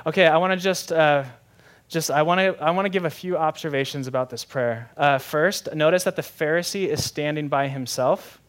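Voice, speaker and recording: Animated young preacher, conversational. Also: male voice, fairly high pitch, normal speed. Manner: animated and conversational, asks the audience questions. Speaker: pastor. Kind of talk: sermon.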